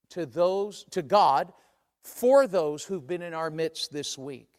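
A man with a high voice preaches a sermon. He keeps it conversational and acts out the people he quotes. The sound carries the long reverb of a large church sanctuary.

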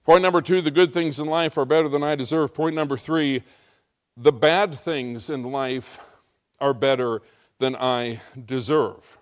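A man's voice: a little high, measured pace. A middle-aged American man preaching a sermon as pastor, telling a story with emphatic rising intensity. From United States.

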